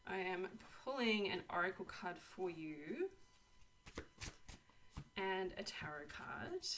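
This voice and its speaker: Bright, effusive young woman reading tarot. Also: mid-range voice. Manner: effusive and encouraging, full of 'like' and 'you know'; laughs often. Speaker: tarot and oracle card reader. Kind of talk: casual monthly card reading to camera.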